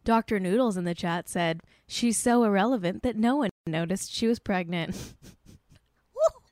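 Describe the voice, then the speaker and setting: A woman's voice: mid-range voice, measured pace, a little mellow, no echo, clean studio sound. A young adult woman casually hosting a celebrity news stream, chatty and sarcastic, with asides and laughs. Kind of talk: casual chat reading news.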